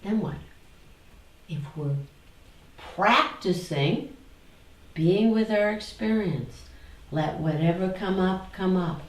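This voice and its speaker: A woman's voice: lowish voice, takes it slowly, long pauses, reverberant, far from the mic, poor audio. A woman teaching a spiritual talk to a small group, asking them questions and repeating phrases in a singsong.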